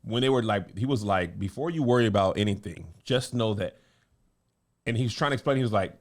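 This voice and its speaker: A man's voice: fairly low pitch, a little fast. A man hosting a casual talk show, chatting playfully and mimicking voices while he tells stories. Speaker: podcast host. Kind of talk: casual chat.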